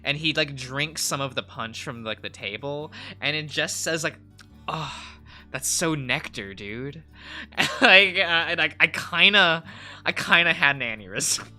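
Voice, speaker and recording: A man's voice: fairly high pitch, normal speed, bright, forceful tone, soft background music. A man chatting casually on a live drawing stream, rambling with lots of fillers and frequent giggles.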